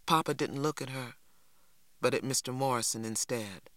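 A man narrating an audiobook in an even, measured way, close to the mic. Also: mid-range voice, no echo. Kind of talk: scripted narration.

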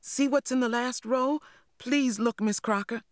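A bold, upset young schoolgirl whose voice jumps high above the reader's own as she pleads urgently, put on by a woman reading aloud. Her words come slowly. The recording is dry and close. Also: no room sound, natural voice. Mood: urgent pleading. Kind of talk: audiobook character voice.

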